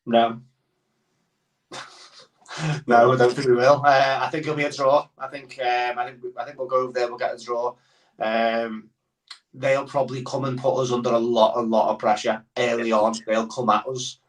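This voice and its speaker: A man's voice: mid-range voice, flat delivery, moderate pace. A man chatting as a guest on a football podcast, rambling with many fillers. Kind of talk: casual football podcast chat. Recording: voice somewhat far from the mic.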